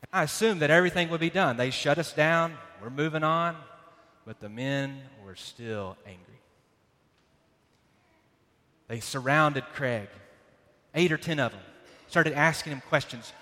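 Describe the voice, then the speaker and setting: A man preaching a sermon, telling a dramatic personal story with loud bursts and hushed passages. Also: a little high, a little slow, long pauses. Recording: long hall reverb.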